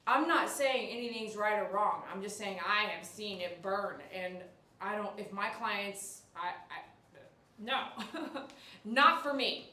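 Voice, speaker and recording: A woman's voice: medium pitch, slow pace, sharp tone, echoey room. A woman, a dog groomer chatting on a casual livestream and reading viewer comments aloud.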